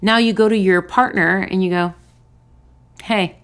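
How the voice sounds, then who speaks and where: A woman hosting a relationship advice talk and speaking straight to her listeners. She uses short, punchy, repeated phrases. Every so often she breaks into excited, high-pitched voices to act out joyful greetings. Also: fairly quick, smooth. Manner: lively, bursts into excited high voices when acting out greetings. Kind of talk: direct advice talk to camera.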